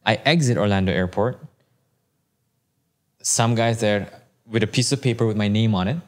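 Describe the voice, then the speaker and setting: Animated storytelling man with a lowish voice. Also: normal speed. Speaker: podcast guest. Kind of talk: storytelling in casual chat.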